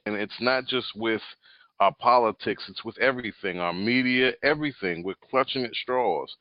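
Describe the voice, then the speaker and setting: A man's voice: medium pitch, normal speed, no room sound. A man co-hosting a casual movie podcast, talking in a rambling, thoughtful way with many hesitations and restarts. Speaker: podcast co-host. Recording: dull, dry sound.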